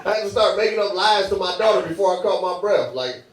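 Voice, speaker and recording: A man's voice: high-pitched, lively intonation, fast talker. A young man performing a loose, conversational stand-up set who laughs at his own jokes. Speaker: stand-up comedian. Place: comedy club stage. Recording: echoey live room, mic heard from a distance, crowd laughing. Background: audience laughter.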